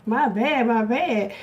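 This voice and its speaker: A woman's voice: a little high, darkish tone. A woman hosting a tarot reading stream in a chatty, laughing way, out of breath. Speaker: tarot reader. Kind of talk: casual livestream talk.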